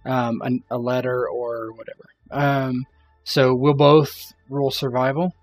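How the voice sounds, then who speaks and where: A man's voice: mid-range voice, level tone, a little slow, soft background music. A man narrating as game master in a casual tabletop game, loose and rambling, laughing often.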